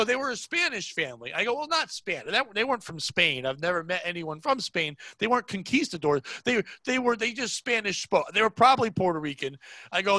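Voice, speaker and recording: A comedian telling a rambling, animated story in casual chat, peppered with "like.". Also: male voice, sits high, no echo. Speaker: comedian guest.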